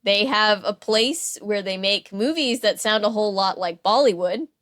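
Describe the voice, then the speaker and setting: A woman's voice: medium pitch, moderate pace, fairly bright tone. A woman hosting a podcast, chatting casually about a novel in a sarcastic way, with frequent laughs and fillers. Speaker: podcast host.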